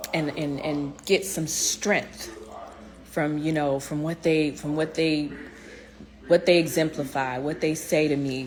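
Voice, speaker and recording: A woman's voice: low-pitched, a little mellow. A woman giving a heartfelt motivational vlog talk, speaking straight to her viewers with many fillers and restarts. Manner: speaks directly to viewers, encouraging.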